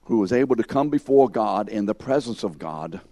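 A man's voice: lowish voice, lively intonation, normal speed, warm tone, no echo. A man teaching a Bible lesson to a class, questioning students by name and acting out the scene with emphasis. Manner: emphatic, acts out scenes in second person.

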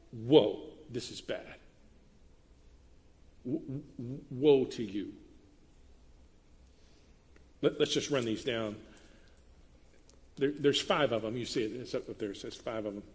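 A man preaching a sermon as pastor, reading scripture and explaining it in a lively, conversational way with bursts of emphasis. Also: mid-range voice. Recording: long reverb of a large hall.

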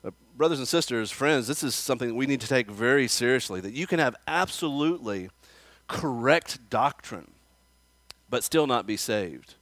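A man preaches a conversational sermon, now and then putting questions to the children and the congregation. His voice sits at a middle pitch. The sound is dry and close, with little trace of the room. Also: expressive, normal speed, fairly bright tone, no room sound. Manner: acts out quoted voices with rising emphasis. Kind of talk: expository sermon. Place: church.

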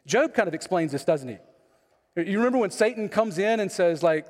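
High-voiced pastor in a reverberant hall. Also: male voice, expressive, moderate pace. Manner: conversational, asks the congregation questions. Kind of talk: sermon. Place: church sanctuary.

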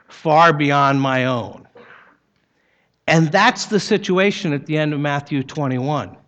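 A man's voice: on the high side, a bit bright. Storytelling male pastor, muffled sound. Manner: storytelling, conversational, dry humor. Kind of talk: sermon with personal story.

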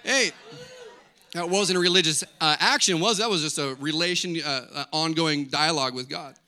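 Speaking at normal speed in a fairly high voice, a middle-aged pastor delivers a sermon full of energy and conversational warmth. He asks the congregation questions and jokes on the side.

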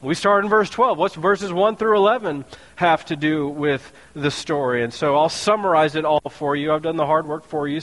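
A man preaching a sermon in a joking, conversational way, full of quick asides. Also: a little high, fairly bright tone. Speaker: pastor. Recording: long hall reverb.

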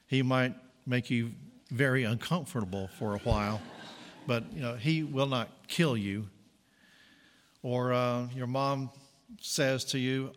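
A man preaching a sermon in a relaxed, conversational way, stopping to correct himself and slip in jokey asides. His voice sits at an ordinary middle pitch, and a long hall reverb trails behind each phrase. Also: a little slow, a little hiss or hum. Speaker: pastor.

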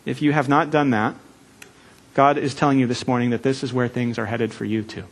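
A man preaching a sermon in a church, earnest and measured, with deliberate pauses. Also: medium pitch, fairly even intonation, a little hiss or hum. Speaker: pastor.

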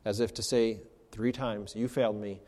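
A man's voice: fairly low pitch, fairly even intonation, moderate pace, dark tone, big-room sound. A man, a pastor, preaching an expository sermon with rhetorical questions.

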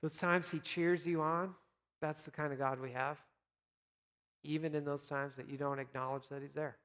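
A man speaking as a pastor, giving an earnest, encouraging devotional talk for Lent with gentle pauses. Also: on the high side, steady tone, big-room sound.

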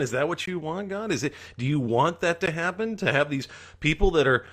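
A man's voice: on the high side, expressive, a little fast, a bit bright. A man preaching a sermon as pastor, earnestly acting out the psalmist's pleas.

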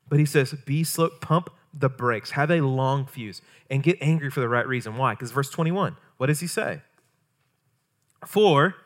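A man's voice: a little high, fairly bright tone. A man, a pastor, preaching a sermon in a conversational way, full of rhetorical questions.

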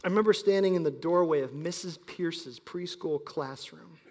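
A man in his thirties preaching a sermon as pastor, telling stories and swinging between loud emphasis and quiet asides. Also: a little high, normal speed. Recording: long hall reverb.

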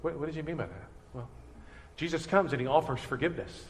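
A man preaching a sermon as pastor, earnest and animated, acting out everyday voices. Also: fairly high pitch, fast talker, a little hiss or hum. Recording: reverberant hall.

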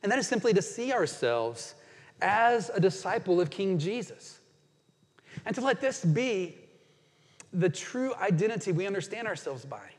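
A man's voice: high voice, sing-song. Earnest male pastor in a reverberant church. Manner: earnest, with dramatic slowdowns on quoted scripture. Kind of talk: sermon. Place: church sanctuary.

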